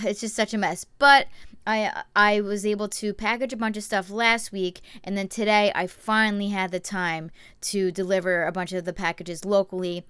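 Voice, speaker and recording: A woman's voice: medium pitch, fairly bright tone, clear, resonant tone, no echo, studio quality. A young woman hosting a casual live-stream show from a cluttered room at home, rambling and chatty with lots of fillers and restarts.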